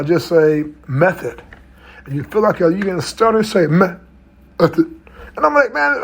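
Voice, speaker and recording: A man's voice: sits high, creaky, slightly rough. A middle-aged man, a mental health coach, telling a personal story in a loose conversational way with frequent tag questions. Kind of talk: storytelling talk.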